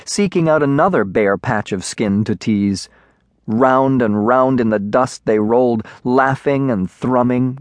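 Man reading a children's storybook, measured and expressive, mid voice, dry booth. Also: medium pitch, dry recording. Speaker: audiobook narrator. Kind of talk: scripted children's storybook narration.

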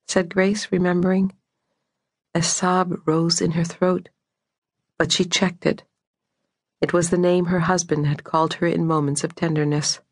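Woman audiobook narrator, measured and deliberate, very slow, dry close-miked studio sound. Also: on the low side, fairly even intonation, no echo. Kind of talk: scripted narration. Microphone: close studio mic.

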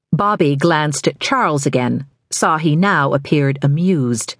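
A woman narrating a thriller audiobook in an even, measured storytelling manner. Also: deep voice, no room sound, studio quality. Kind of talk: scripted narration.

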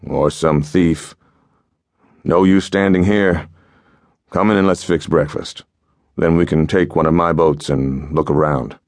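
Man doing a scheming settler, slow, offhand, falsely friendly, very deep, dry sound. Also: steady tone, darkish tone, no echo.

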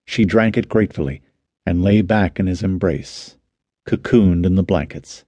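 Deep, husky male narrator. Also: moderate pace, mellow, no echo. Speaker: audiobook narrator. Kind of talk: scripted narration.

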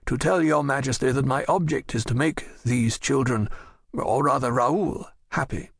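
A dignified older nobleman pleads with courtly earnestness, in a male narrator's reading. The voice has a gravelly edge at a middle pitch. The recording is close and dry. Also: normal speed, no room sound. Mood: pleading.

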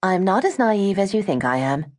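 A woman's voice: fairly low pitch, expressive, normal speed, darkish tone, pitched above the performer's own voice. A woman voicing a sheltered, earnest young British woman in an audiobook.

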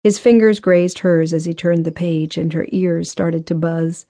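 Mellow woman reading an audiobook. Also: lowish voice, no echo. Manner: measured, even storytelling. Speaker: audiobook narrator. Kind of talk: scripted narration. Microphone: close studio mic.

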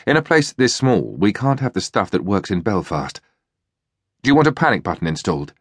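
A man voicing a brisk, ruthless upper-class army officer with a plummy voice, in an audiobook. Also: fairly low pitch, very animated, husky, no echo, studio quality.

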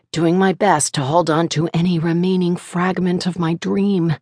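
Woman narrating a novel, low and dry. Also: steady tone, unhurried, no room sound. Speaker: audiobook narrator. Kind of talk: first-person novel narration.

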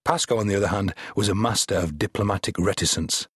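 A male audiobook narrator with a wry, measured way of telling a story. His voice is low and husky, with a wide, lively pitch range. The recording is dry and close. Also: no echo. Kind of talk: scripted narration.

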